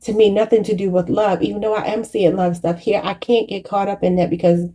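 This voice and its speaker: A woman's voice: mid-range voice, little pitch movement, a little fast, dark tone, breathy edge. A woman giving a channeled tarot reading, emotional and preachy, choked up and near tears, calling her viewers y'all. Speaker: tarot reader.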